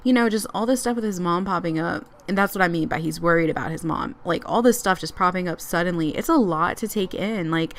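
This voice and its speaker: A woman's voice: lowish voice, fairly quick, hardly any pauses. Chatty woman narrating her game story. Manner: chatty, rambling, laughs often. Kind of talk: casual narration of a life-simulation game.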